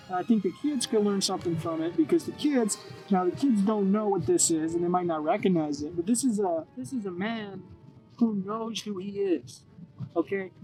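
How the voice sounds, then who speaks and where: A man hosting a deadpan mock interview, earnest and halting, rambling with lots of fillers. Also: high voice, rough recording.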